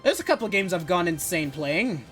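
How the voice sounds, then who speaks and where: A man's voice: high voice, sing-song, fairly quick, a bit bright, soft background music. A young man streaming a game live, joking and chatting with his audience. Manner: joking, chatty, reacting to cutscenes. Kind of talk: casual live-stream chat.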